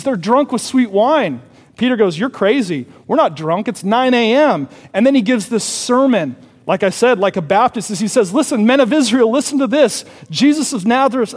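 A man with a high-pitched voice preaches a lively, casual sermon, mixing slang with scripture. His voice rings out with a long reverb, as if in a large church sanctuary. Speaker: pastor.

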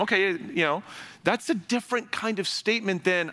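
A man's voice: sits high, very animated, moderate pace, pushed and bright. A man preaching a sermon in a conversational way, with asides and little jokes to the congregation. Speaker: pastor.

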